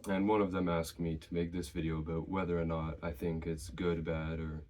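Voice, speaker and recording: A man's voice: deep voice, normal speed, slight background noise. A man casually sharing his own workout advice, a little out of breath. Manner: relaxed, conversational, shares personal experience. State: slightly out of breath. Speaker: fitness vlogger.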